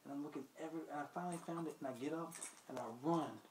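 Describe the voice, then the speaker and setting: A drunk man with a fairly high voice rambles through a story full of swearing, playing out every voice in it himself. He sounds like he is in an echoey room with a little noise in the background. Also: very fast. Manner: profane, animated, acts out quotes. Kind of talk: rambling anecdote. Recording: roomy with faint noise.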